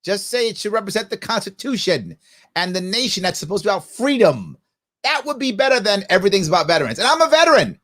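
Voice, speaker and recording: A man's voice: high-pitched, fast. A middle-aged man hosting a live political commentary show, arguing his point with lots of rhetorical questions. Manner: animated, argumentative, peppered with rhetorical questions; acts out quoted voices mid-rant. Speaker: host.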